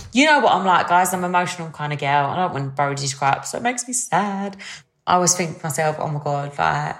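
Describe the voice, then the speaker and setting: Young woman, bubbly podcast host, chatty and a little low-voiced. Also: gravelly. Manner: chatty and bubbly, lots of fillers. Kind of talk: casual solo podcast chat.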